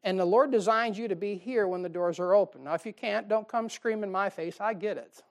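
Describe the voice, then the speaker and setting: A man's voice: sits high, brisk. Folksy, joking male pastor preaching a sermon. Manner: folksy and joking, swinging between loud emphasis and quiet asides. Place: church sanctuary.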